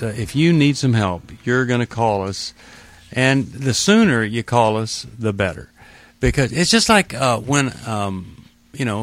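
A man hosting a call-in counseling radio show, talking in a gentle, reassuring, conversational way. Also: on the low side.

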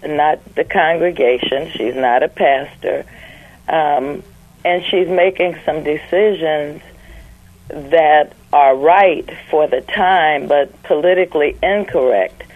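A woman calling in to a radio show, speaking in an earnest, deliberate way. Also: sits low. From Northern California. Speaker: caller. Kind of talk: phone call to radio show. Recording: tinny phone line.

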